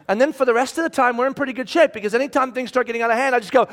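A married man preaching a sermon as a pastor, animated and emphatic, acting out scenes with sudden shouts. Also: high-pitched, fast talker, few pauses. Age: adult, married with children.

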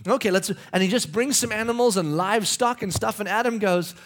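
A man preaching a sermon, telling the story with acted-out voices and swinging between loud bursts and hushed, near-whispered passages. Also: sits high, moderate pace. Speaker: pastor.

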